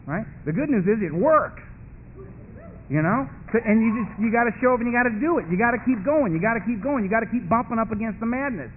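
A man's voice: very high-pitched, lively intonation, fast talker. A man speaking at a recovery meeting, giving an earnest, colloquial personal testimony that drives its points home through repetition. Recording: tinny lo-fi phone-like recording with faint hiss.

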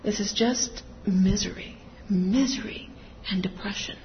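A woman's voice: medium pitch, a little slow. A middle-aged woman giving a candid, confessional personal testimony to a group, her emotion swinging as she tells it. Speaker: speaker sharing her recovery story. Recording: distant reverberant hall, dull sound, faint noise.

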